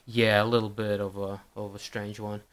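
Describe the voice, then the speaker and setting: A man co-hosting a casual sports podcast, speaking in a measured, easygoing way. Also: lowish voice, flat delivery, fairly bright tone. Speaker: podcast co-host. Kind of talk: casual chat.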